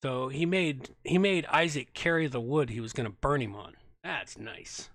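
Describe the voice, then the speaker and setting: A man hosting a Bible reading with casual commentary. He reads at a measured pace, stops to correct himself, and adds wry, sarcastic asides. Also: medium pitch, a bit bright, no echo. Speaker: host reading scripture.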